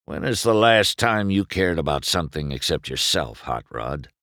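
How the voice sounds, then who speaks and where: A man voicing a gruff, bitter older male race car who grumbles in a stern, weary way. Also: deep voice, very animated, moderate pace, fairly bright tone, no echo, clean studio sound.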